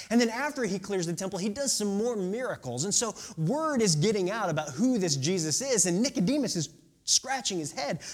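A man in his thirties preaching a sermon in a conversational way, with asides and rhetorical questions. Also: high-pitched. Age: 30s. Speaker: pastor.

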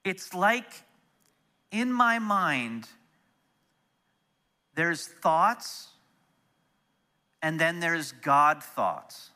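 Bright-voiced preacher telling a story. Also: male voice, a little high, extremely slow, pauses often. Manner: animated, drops soft and quiet when moved. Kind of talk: storytelling sermon.

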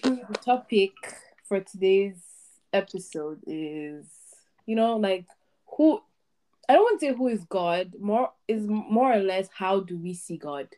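A woman's voice: mid-range voice, lively intonation, unhurried, dark tone. A young woman hosting a casual podcast chat, talking freely with many fillers. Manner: chatty, lots of "like" fillers. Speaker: podcast host.

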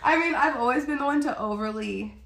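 A woman's voice: sits high, a little fast, creaky, a bit bright, roomy sound. A woman co-hosting a podcast, chatting openly and giggling easily. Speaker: podcast co-host, makeup artist. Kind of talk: casual chat.

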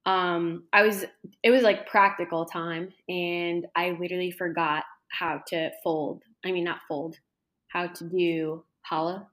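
A woman's voice: fairly low pitch, steady tone, unhurried, fairly bright tone. A young woman talking casually in an interview, chatty, with lots of fillers. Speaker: interview guest, culinary school graduate.

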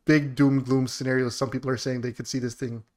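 A man's voice: medium pitch, flat delivery, brisk, darkish tone. A man hosts a loose podcast conversation with friends, speaking in a mid-range voice. He jokes around and laughs often. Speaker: podcast host. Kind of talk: casual chat.

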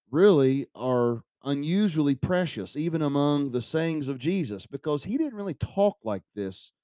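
A man's voice: medium pitch, mellow, no echo. A man preaching an earnest devotional sermon on a podcast, repeating phrases for emphasis.

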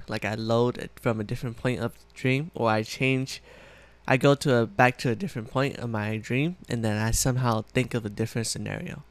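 Young man, casual vlog chat, rambling, retainer-muffled, medium pitch, dry close sound. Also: clear, resonant tone, dry recording. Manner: rambling, filler-heavy, self-correcting. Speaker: vlogger.

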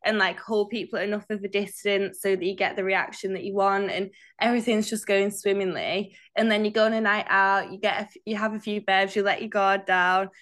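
A woman's voice: mid-range voice, level tone, fairly quick, few pauses, a bit bright. A young woman co-hosts a casual podcast chat. She talks freely and laughs easily. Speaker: podcast co-host.

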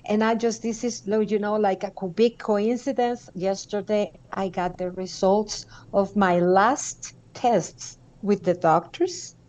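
A woman from Mexico with a Mexican Spanish accent, a guest telling emotional stories in a halting, heartfelt way with many fillers. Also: medium pitch, steady tone, darkish tone. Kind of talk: emotional storytelling.

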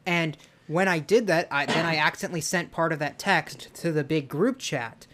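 A man's voice: a little high, moderate pace. A young man co-hosting a podcast, telling a story in casual chat and acting out his own past lines. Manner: storytelling, animated quoting of himself. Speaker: podcast co-host.

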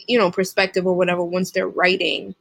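A woman's voice: fairly low pitch, level tone, a little fast, vocal fry, fairly bright tone, breathy edge. A young woman co-hosting a casual couple's podcast, talking frankly and playfully and laughing easily. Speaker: podcast co-host.

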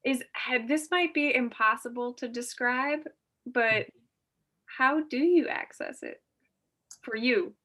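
Woman host w a bright voice, gentle and affirming, asking her guest stuff. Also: a little high, slow. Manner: warm, affirming, gentle questions with soft laughs. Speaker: podcast host. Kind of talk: podcast interview.

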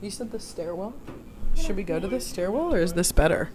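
A woman's voice: mid-range voice, fairly quick, noisy background. A young woman hosting her own podcast, chatting and reading aloud in a dorm hallway on a phone mic. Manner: chatty, giggly, lively. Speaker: podcast host. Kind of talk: casual vlog chat and reading aloud. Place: college dorm hallway and stairwell.

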